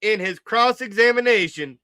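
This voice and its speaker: A man hosting an apologetics talk show, excited and chatty, repeating his words and teasing. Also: high-pitched, moderate pace, clear, resonant tone, no echo, clean studio sound. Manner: hyped, repeats words, sings along and teases. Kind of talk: excited casual commentary.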